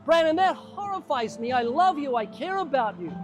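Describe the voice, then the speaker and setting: A man's voice: very high voice, expressive, moderate pace, noisy background. A man preaching one-on-one to a stranger in an earnest, urgent way, often calling him by name. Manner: addresses the listener by name. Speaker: street evangelist.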